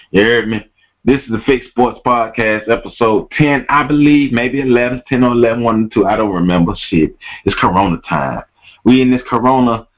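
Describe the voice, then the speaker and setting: A man's voice: lowish voice, lo-fi sound. A man hosting a podcast, ranting emphatically and repeating his words and phrases. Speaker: podcast host. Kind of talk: podcast rant.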